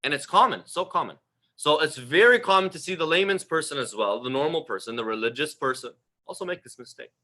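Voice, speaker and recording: A man with a fairly high, bright, forceful voice gives a livestreamed religious talk. He speaks in a conversational, emphatic way, repeating phrases for stress. His voice often drops and trails off softly at the end of a phrase. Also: expressive, quick pace. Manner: conversational, asks the audience questions. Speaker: religious lecturer.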